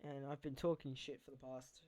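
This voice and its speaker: A man's voice: medium pitch, flat delivery, a little fast, darkish tone, no room sound, low-quality recording. A young man hosting a casual podcast, rambling loosely and swearing freely. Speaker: podcast host. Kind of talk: casual chat.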